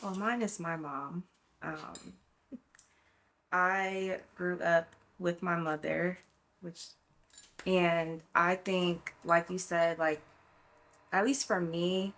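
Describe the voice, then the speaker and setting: A young woman with a fairly low voice shares a personal story on a casual podcast. She talks reflectively and from the heart, with many likes and ums. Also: fairly even intonation, takes it slowly, long pauses, fairly bright tone. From Brooklyn, New York. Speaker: podcast co-host. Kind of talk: casual chat.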